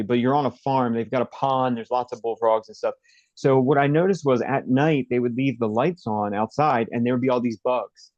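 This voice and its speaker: A man interview guest recounting a personal story in a halting, rambling way, with many fillers and restarts. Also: mid-range voice, a little mellow, no room sound, muffled recording.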